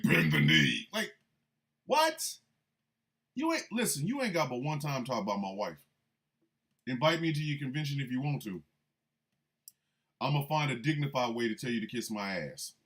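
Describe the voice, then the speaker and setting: A man hosting a radio show, delivering a comedic rant with an animated, incredulous manner and sudden loud outbursts. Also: medium pitch.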